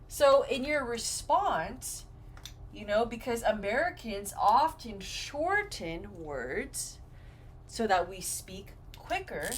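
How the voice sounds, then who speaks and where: A woman's voice: a little high, slow, slightly rough. A woman English teacher giving a grammar lesson, acting out example phrases as she explains. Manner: animated, acts out example phrases.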